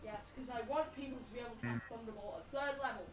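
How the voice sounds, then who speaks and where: A woman's voice: on the high side, fairly even intonation, fast. A woman playing a tabletop game who talks pushily and repeats her questions. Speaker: player. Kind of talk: casual tabletop play. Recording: crowd noise behind.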